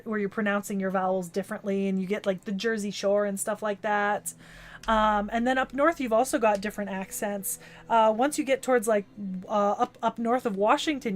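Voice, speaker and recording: A young woman with a Californian accent chatting casually on an anime club podcast, rambling with lots of "like" and "um" and asking "right?". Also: fairly high pitch. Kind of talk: casual chat.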